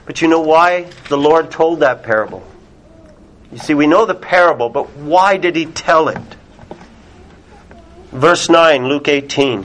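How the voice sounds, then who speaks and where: A male preacher delivers a sermon to a small congregation. He speaks slowly and emphatically in a slightly high voice. He lets his voice fall almost to a whisper on the words he wants to land. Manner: deliberate, emphatic, drops very soft on key words.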